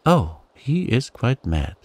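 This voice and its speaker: A man's voice: mid-range voice, sing-song, slow, breathy edge, no echo, pitched above the performer's own voice, full character voice. A man voicing a stern, regal fairy queen in a bedtime storybook, speaking with command.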